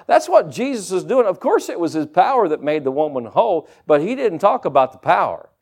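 A man preaching a sermon to a church congregation, animated and conversational, with folksy everyday asides. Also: high voice, fairly quick, slightly rough.

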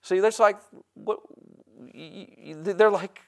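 A man's voice: high-pitched, huge pitch swings, slow pace, gravelly, darkish tone. An older man preaching a sermon in a folksy, conversational way, often repeating and restarting words and acting out quoted voices. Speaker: pastor.

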